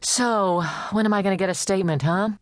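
A woman's voice: medium pitch, fairly quick, dry recording, clean studio sound, voice pushed up, natural voice. A woman voicing a scruffy, pushy female newspaper reporter who talks cheekily.

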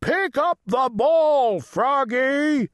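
Storybook coach, bossy and barking, man playing him, slow and emphatic. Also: extremely high pitch, animated, no echo, studio quality, pitched above the performer's own voice, full character voice. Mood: commanding. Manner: barking, commanding. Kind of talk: audiobook character voice.

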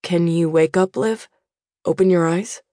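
Brief: gentle father at a bedside, read by a woman narrator, slightly lowered, coaxing and tender. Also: unhurried, no room sound, studio quality, close to an everyday voice. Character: gentle, worried middle-aged father.

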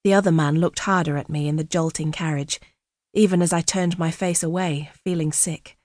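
A woman reads a novel aloud in the first person, measured and quietly dramatic. Her voice sits fairly low, recorded close and dry with no room sound. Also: steady tone, no room sound. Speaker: audiobook narrator. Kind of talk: scripted narration.

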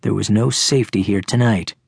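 A man narrating a teen novel audiobook in a steady, measured way, recorded close in a studio booth. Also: fairly low pitch, creaky, slightly rough, no echo. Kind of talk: scripted narration. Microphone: close studio mic.

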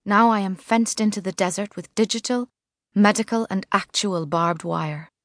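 A woman reading a first-person novel as narrator, measured and vivid. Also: mid-range voice, a bit bright, no echo, studio quality. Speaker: audiobook narrator. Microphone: studio mic.

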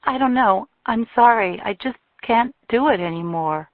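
A woman's voice: on the high side, lively intonation, moderate pace, dry recording, voice pushed up, close to an everyday voice. A woman narrator voicing an exhausted young woman violinist who speaks weakly and apologetically. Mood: pleading. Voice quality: weak, apologetic. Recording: thin phone-like dry sound.

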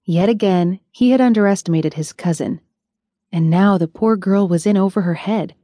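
A woman narrating a novel in a measured, even storytelling voice. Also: medium pitch, no echo, studio quality. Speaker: audiobook narrator. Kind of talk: scripted narration.

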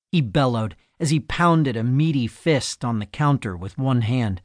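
A man narrating a crime novel audiobook in a measured, even storytelling manner on a close studio mic. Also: medium pitch, dry recording. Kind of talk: scripted narration.

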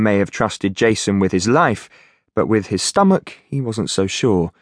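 A man reading an audiobook as narrator in a steady, measured way. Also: on the low side, dry recording, clean studio sound. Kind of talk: scripted narration.

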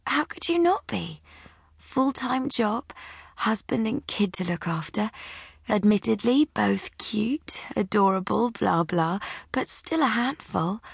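A woman narrator voicing a cheeky, bossy woman in her thirties who is gravely ill and teases her friend in a soft voice. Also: medium pitch, no echo, studio quality, voice pushed up, heavily acted. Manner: teasing, bossy, soft-spoken.

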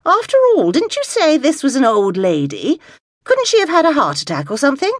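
A woman's voice: sits high, wildly swooping pitch, a little fast, no room sound, voice pushed up. A woman voicing a wry, reluctant middle-aged amateur sleuth, dry and firm, for an audiobook. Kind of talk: audiobook dialogue.

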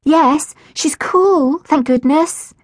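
A woman voicing a bubbly, dreamy young girl who talks in an excitable, giggly rush, reading a children's audiobook. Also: high-pitched, very slow, no echo, pitched above the performer's own voice. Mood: excited.

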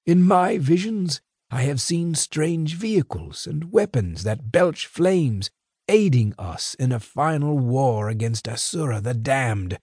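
A man's voice: medium pitch, animated, slow, a little mellow, breathy edge, no room sound, studio quality, pitched above the performer's own voice. A man voicing a stern, commanding werewolf elder who leads his tribe. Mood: solemn.

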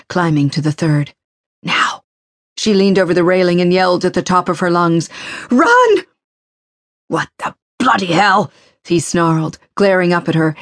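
A woman narrating a suspense audiobook in a measured, tense way. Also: on the low side, a little mellow, no room sound, studio quality. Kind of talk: scripted thriller narration.

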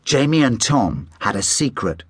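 Man reading a kids story, really lively voice, dry studio sound. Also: medium pitch, measured pace, slightly rough, no room sound. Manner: animated storyteller. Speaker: audiobook narrator. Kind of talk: expressive children's story narration.

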